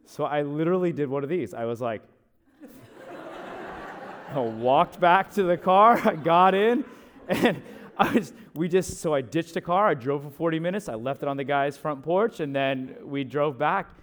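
Young male pastor, fairly high voice, lively sermon storytelling, chatty asides. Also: normal speed. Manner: animated, chatty storytelling with laughs and asides to the audience.

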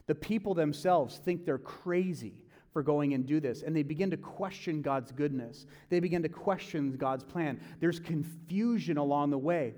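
A man's voice: on the high side, warm tone. A man in his thirties preaching a sermon in a casual, conversational way, acting out the voices he quotes. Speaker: pastor. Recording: long hall reverb.

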